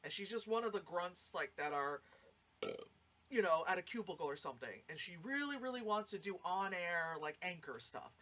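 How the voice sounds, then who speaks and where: A woman's voice: lowish voice, moderate pace. A woman giving a casual, rambling spoken movie review, swearing freely and acting out lines. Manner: rambling, animated, swears freely, acts out quotes.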